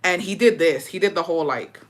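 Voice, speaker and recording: A woman's voice: fairly low pitch, fairly quick. A woman in her thirties telling a story on a livestream and reading viewer comments, in a blunt, profane, slangy style that drops in the odd Spanish word.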